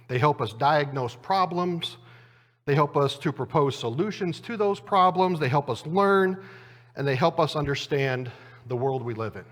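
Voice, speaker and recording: A man preaching in a church, telling a self-deprecating story in a relaxed, conversational way. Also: on the high side. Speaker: preacher and Bible teacher. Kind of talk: conversational sermon with a humorous anecdote. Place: church auditorium. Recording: long church reverb.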